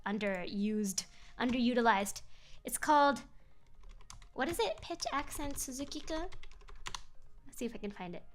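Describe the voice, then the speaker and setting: A woman's voice: on the high side, a bit bright. A chatty young woman streaming a casual chat, laughing often and switching between English and Japanese.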